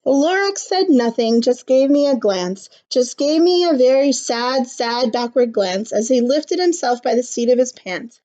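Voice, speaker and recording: A woman reading a rhyming picture book aloud to children, pausing to explain things in simple words. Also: sits high, animated, dark tone. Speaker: storybook reader. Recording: slightly muffled recording.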